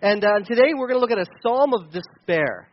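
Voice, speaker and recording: A man, a pastor, preaching a sermon and telling a personal story in an animated way, with many restarts. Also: sits high, fairly quick, highs cut off.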